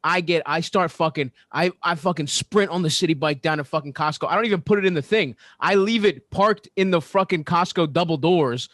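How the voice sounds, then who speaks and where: A man's voice: fairly high pitch, dry recording, clean studio sound. Profane, ranting podcast host, a man. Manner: profane, animated, ranting, fast bursts. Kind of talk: casual sports podcast storytelling.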